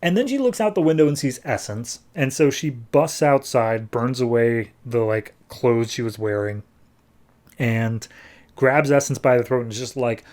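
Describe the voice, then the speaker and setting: A male podcast host recapping a comic book issue. He rambles casually through the plot with plenty of filler, at an ordinary pitch. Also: normal speed, darkish tone. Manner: rambling, filler-heavy retelling.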